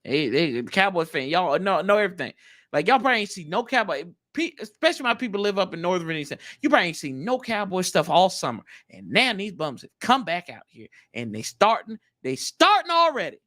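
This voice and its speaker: A man with a high, bright voice hosts a casual live chat. His pitch swings widely as he reacts, and he talks in loose, slangy bursts. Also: fairly quick. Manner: animated, slangy, jumps pitch often. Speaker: livestream host.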